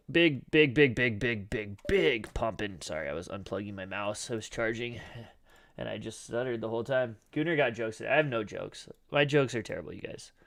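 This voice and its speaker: A man casually talking through trading charts on a live stream, rambling and loose with the occasional curse word, his voice scratchy and cracking. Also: mid-range voice. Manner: rambling, loose and profane, many fillers. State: throat scratchy, clearing it often.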